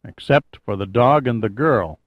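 A man reading as a male archaeologist who speaks slowly and soberly, in a dry, slightly muffled audiobook recording. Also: medium pitch, dry recording, close to an everyday voice. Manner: slow, sober. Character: sober male archaeologist on an ice-bound wreck.

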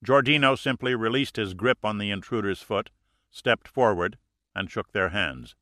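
A man narrating a thriller audiobook in a steady, measured way. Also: lowish voice, no room sound, studio quality.

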